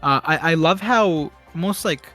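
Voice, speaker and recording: A man's voice: fairly high pitch, normal speed, sharp tone, soft background music. A man hosting a casual film podcast, talking in a rambling way full of fillers and restarts. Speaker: podcast host.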